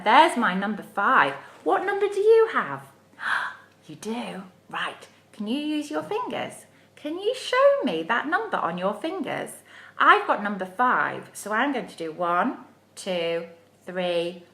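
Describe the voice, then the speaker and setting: A woman with a slightly high, sharp voice leads a live craft playalong for young children from a home room on a livestream. She's encouraging and sing-song, and the room sounds echoey.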